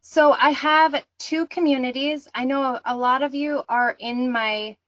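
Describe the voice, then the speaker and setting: A woman's voice: high voice, fairly even intonation, measured pace, fairly bright tone, no echo, muffled recording. A woman hosting an online workshop, talking in an earnest, reassuring way and reading audience comments aloud over a video call. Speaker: workshop host. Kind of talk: encouraging online workshop talk.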